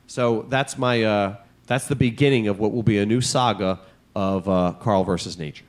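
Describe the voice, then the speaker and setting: A man's voice: on the low side, normal speed. Foul-mouthed rambling male podcast host. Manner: profane, rambling storyteller. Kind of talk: casual comedic chat.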